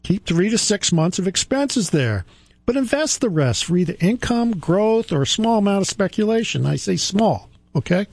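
A man's voice: high voice, sing-song, normal speed, a little mellow, dry recording. A man in his sixties hosting a radio finance show, talking in an emphatic way, repeating his key points and joking about himself. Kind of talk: radio talk monologue.

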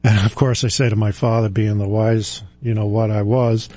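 Mellow, halting man in his sixties. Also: on the low side, level tone. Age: 60s. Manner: halting, with frequent fillers and restarts. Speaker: financial advisor. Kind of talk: reflective personal talk.

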